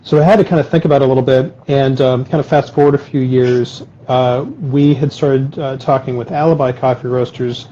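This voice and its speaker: A man speaking in a mellow, relaxed voice of medium pitch over a dull, lo-fi live-stream line with a faint hiss behind him. He is a chocolate maker who talks casually and explains his methods step by step. He often pauses with "uh" and "um" as he goes. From Los Angeles area. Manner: explains process in detail, with many fillers.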